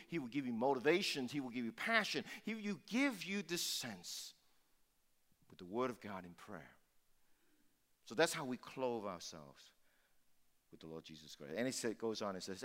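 Bright, lively preaching man. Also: mid-range voice. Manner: emphatic preaching with repeated phrases. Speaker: pastor. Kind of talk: sermon. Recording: long hall reverb.

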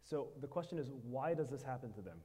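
A man preaching a sermon in short phrases, pausing so an interpreter can follow. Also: mid-range voice, lively intonation, mellow, husky. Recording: hall reverb.

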